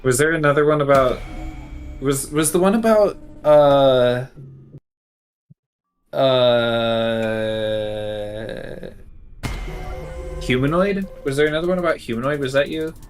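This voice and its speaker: A man's voice: medium pitch, takes it slowly, pauses often, soft background music. A man streaming a game live, chatting casually and rambling, correcting himself as he goes.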